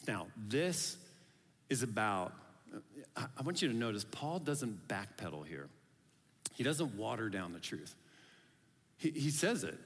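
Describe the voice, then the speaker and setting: A man's voice: fairly high pitch, fairly bright tone. A man preaching a sermon as pastor, talking in a loose, conversational and playful way and often acting out the voices of people he quotes. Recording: long hall reverb.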